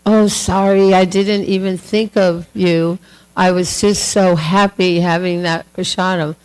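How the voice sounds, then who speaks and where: A woman voicing a joyful, absent-minded male sage who apologizes excitedly. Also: lowish voice, measured pace, smooth, close to an everyday voice, rough recording.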